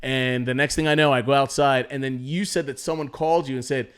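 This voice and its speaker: A man's voice: mid-range voice, fairly even intonation, fairly quick, smooth. Young guy on a podcast rambling thru a story, lots of swearing, keeps restarting, medium voice. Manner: rambling, profane, restarts often, acts out quotes. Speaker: podcast host. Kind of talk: casual storytelling chat.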